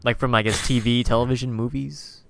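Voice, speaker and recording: A man hosting a relaxed online chat show, stumbling over his questions and correcting himself as he goes. His voice is smooth and clean, recorded close and dry with no room sound. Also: mid-range voice, brisk, no room sound. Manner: hesitant, self-correcting, laughs often. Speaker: podcast host. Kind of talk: casual interview chat.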